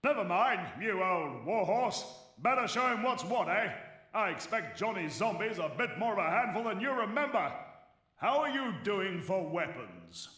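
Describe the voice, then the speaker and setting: A bluff old warrior of a video game, all British bluster and cheer. The voice rides high and bounces through its pitch, bright and forceful, and sounds set back from the mic in an echoey room. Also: male voice, big pitch swings, moderate pace, heavily acted. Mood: hearty. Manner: blustery, booming, chummy. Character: hearty old male warrior hero, gruff and jovial. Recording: roomy game audio from a distance.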